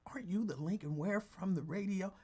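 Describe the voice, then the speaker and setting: A man's voice: high-pitched, a little fast, darkish tone, breathy edge. A man putting on a casual street guy who recognizes someone, in an offhand, slangy, amused way.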